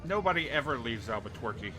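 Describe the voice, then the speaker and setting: A laid-back man giving casual gameplay commentary at a middling pitch, dry in his humor. Loud game music runs behind his close mic. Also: lively intonation, quick pace. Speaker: streamer.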